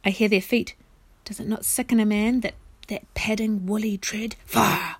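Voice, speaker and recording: A woman's voice: mid-range voice, fairly even intonation, normal speed, breathy edge, no echo. Woman doing a commanding enchanted prince. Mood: urgent. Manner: formal, old-fashioned royal speech. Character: enchanted knight prince, man, proud and commanding.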